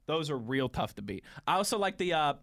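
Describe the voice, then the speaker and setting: A man's voice: a little high, sing-song, brisk, fairly bright tone. Easygoing man reading out listener tweets. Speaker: sports radio co-host. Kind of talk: casual sports talk chat. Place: radio studio.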